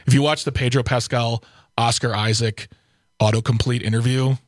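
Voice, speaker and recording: A man's voice: mid-range voice, fairly even intonation, normal speed, dry recording, clean studio sound. A man hosting a radio show, chatting casually and rambling, laughing often as he talks. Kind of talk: casual studio banter.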